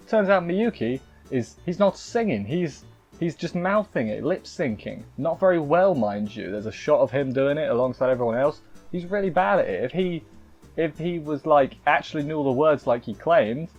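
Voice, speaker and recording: A man's voice: mid-range voice, a little mellow, muffled recording. Rambling man reviewing an anime episode. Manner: rambling, restarting, with wry asides. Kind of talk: casual episode review chat.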